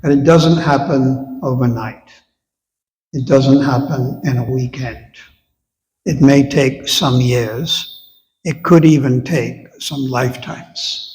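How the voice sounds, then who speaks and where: Male teacher, measured and slow, lecturing a congregation in a hall with a long echo. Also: mid-range voice, darkish tone. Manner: unhurried, conversational, asks the audience questions. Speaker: visiting spiritual teacher. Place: temple hall with long reverb.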